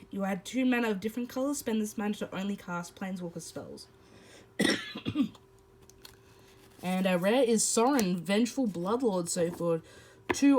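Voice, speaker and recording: A woman's voice: medium pitch, a little mellow, poor audio. A woman hosting a card-opening video, reading card text and then chatting about each card, with some fillers. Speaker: host. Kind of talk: casual card-opening commentary.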